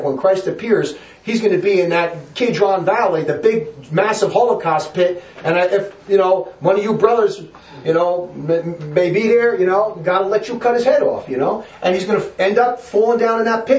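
A man's voice: high voice, a little mellow, roomy sound, far from the mic, muffled recording. A man preaching a fiery, emphatic sermon, hammering his points with repetition.

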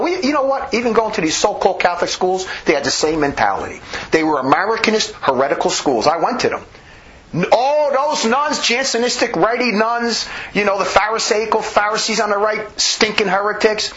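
Excitable male preacher, lo-fi sound. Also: high-pitched, brisk. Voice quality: emphatic, rambling with restarts. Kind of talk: impassioned sermon. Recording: dull lo-fi recording.

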